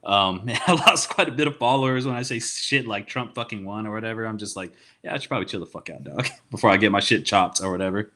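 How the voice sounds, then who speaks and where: A man's voice: on the low side, fairly quick, hardly any pauses, bright, forceful tone. A man chatting casually on a podcast, telling rambling stories full of swearing and getting heated. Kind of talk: casual profane chat.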